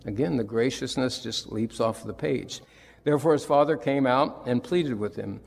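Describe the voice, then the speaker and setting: Male preacher, gravelly voice, emphatic sermon delivery, long hall reverb. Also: mid-range voice, normal speed, darkish tone. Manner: retells scripture with emphatic, rising and falling delivery.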